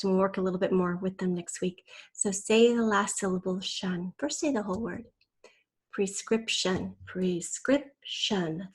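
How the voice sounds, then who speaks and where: A woman teacher recording a spelling lesson for children at home, sounding out words slowly and syllable by syllable on a computer mic. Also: mid-range voice, darkish tone. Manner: slow, clear, drills words and syllables.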